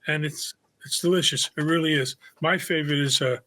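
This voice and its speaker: A man's voice: a little high, steady tone, fairly quick, pushed and bright. An older man from Brooklyn with a Brooklyn accent, a chatty guest telling stories in a casual interview, often repeating words. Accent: Brooklyn New York. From Brooklyn, New York.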